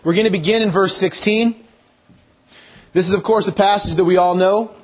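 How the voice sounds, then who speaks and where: Husky high-voiced preacher. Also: male voice, steady tone, moderate pace. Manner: conversational, thinking aloud, restarting phrases. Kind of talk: sermon.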